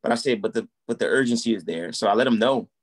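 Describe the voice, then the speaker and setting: A man's voice: on the low side, fast, breathy edge. A man in his thirties telling his story in a casual interview, acting out quoted dialogue. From United States. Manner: animated, acts out quoted dialogue. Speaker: guest, musician and minister.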